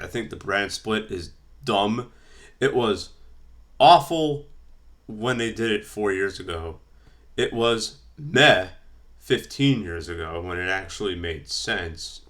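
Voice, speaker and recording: A man with a low, deep voice talks casually and rambles as he works through his notes. His speech is loose and full of fillers and restarts. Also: pushed and bright. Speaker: wrestling vlogger. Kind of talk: casual fantasy-booking commentary.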